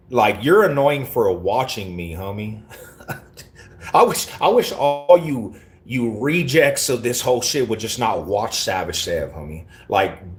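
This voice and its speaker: A man from Colorado live-streaming and answering his chat in brash, confrontational street slang. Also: mid-range voice. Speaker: livestreamer reading chat. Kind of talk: casual live-stream talk.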